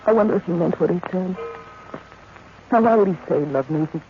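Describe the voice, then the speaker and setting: An actress playing an earnest young governess who frightens easily, in a breathy, theatrical 1940s radio-acting style. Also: female voice, on the low side, quick pace, faint music behind, natural voice. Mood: uneasy. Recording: muffled, hissy old radio recording.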